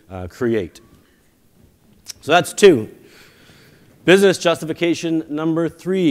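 A man giving a conference keynote, telling stories in a conversational way with self-deprecating jokes. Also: mid-range voice. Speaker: company founder giving a keynote. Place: conference stage before a live audience.

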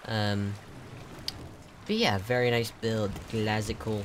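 A young man giving casual game commentary as he reviews players' builds, excitable and gasping, with lots of ums and likes. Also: lowish voice, slow pace, noisy background.

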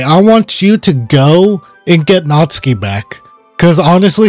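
Be a man playing a game on camera, loose and chatty, swearing now and then and laughing easily. Keep your delivery slow and a little higher than the average man's. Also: very animated, a little mellow, dry recording, soft background music. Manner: swears and laughs, reads game dialogue aloud. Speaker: gaming channel host. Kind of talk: casual let's-play commentary.

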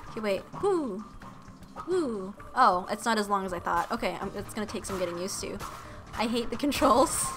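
A woman streamer giving excited, gushing let's-play commentary with cutesy baby talk, game music faint behind her. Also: mid-range voice, fast talker.

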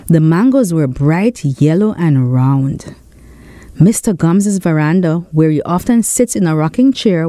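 A woman with a St. reading a children's story aloud in an expressive storytelling voice. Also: on the low side, dry recording. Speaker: storyteller and author. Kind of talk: storybook narration.

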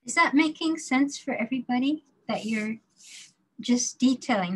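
Woman teaching a drawing demo, kinda high voice, talks slow n careful, mutters to herself while drawing. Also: lively intonation, breathy edge, low-quality recording. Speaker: design drawing instructor. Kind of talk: classroom drawing demonstration.

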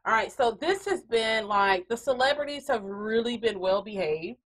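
Lively, laughing woman podcast host. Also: a little high, moderate pace, soft background music, low-quality recording. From Texas. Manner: animated, laughing storyteller. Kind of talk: casual chat.

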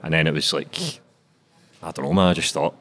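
A man's voice: a bass voice, a little fast, fairly bright tone. A Scottish man in his twenties with a Glaswegian accent, chatting casually and swearing freely as an author guest. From Scotland. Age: 20s. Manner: laid-back, sweary, laughs a lot. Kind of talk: casual interview chat.

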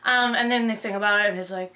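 A young woman rushing through a casual plot summary, rambling with lots of fillers and self-corrections, bubbly and flustered. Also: medium pitch, fairly even intonation, sharp tone. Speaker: video host.

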